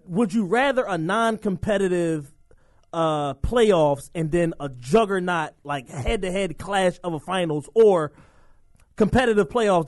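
A man's voice: high voice, no room sound, studio quality. A man co-hosting a podcast, laid-back and tossing in joking asides. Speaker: podcast co-host. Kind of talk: casual chat.

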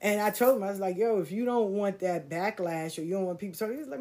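A middle-aged woman casually telling a story from her life, quoting people in a lively slangy voice. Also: medium pitch, brisk.

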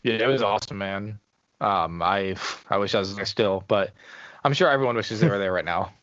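Male co-host, easygoing, fairly low voice, dead-dry muffled recording. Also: fairly quick, fairly bright tone, no echo. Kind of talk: casual podcast chat.

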